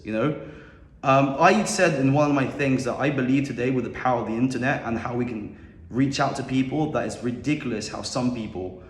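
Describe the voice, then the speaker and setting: A young man telling a story in a casual, confident and rambling way on a podcast. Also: medium pitch. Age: young adult. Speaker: podcast guest. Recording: echoey room with long reverb.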